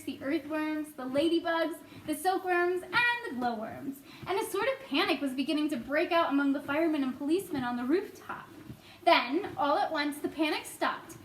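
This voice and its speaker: A woman reads a children's story aloud in a high, playful voice. She keeps it animated and easy, breaking into small laughs. The room echoes around her, with a faint hum of ambience.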